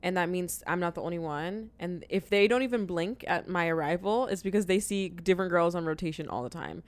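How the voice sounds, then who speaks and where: A woman's voice: on the low side, a little fast, no echo. A young woman co-hosting a podcast in casual chat about dating, blunt and sarcastic and swearing freely. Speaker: podcast co-host.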